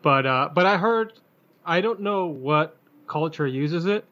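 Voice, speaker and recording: Male podcast guest, a little high-pitched, hesitant and loose, muffled lo-fi sound. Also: expressive, measured pace, bright, forceful tone. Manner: loose, hesitant, swears casually. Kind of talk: casual chat. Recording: dull lo-fi sound.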